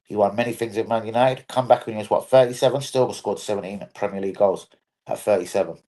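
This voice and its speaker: A man's voice: fairly low pitch, quick pace, mellow. A man hosting a live football stream, chatting casually, bluntly and with a lot of swearing.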